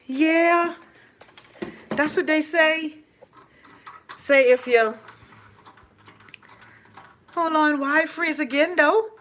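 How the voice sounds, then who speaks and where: A Bahamian woman hosts a phone livestream, chatting casually and reading viewer comments aloud with frequent laughter and an animated, playful manner. Her voice sits high, and she speaks slowly with long pauses.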